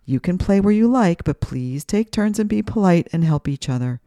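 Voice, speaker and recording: A woman voicing a harried male snake teacher in a children's storybook, speaking calmly and pleadingly. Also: fairly low pitch, moderate pace, dry recording, studio quality.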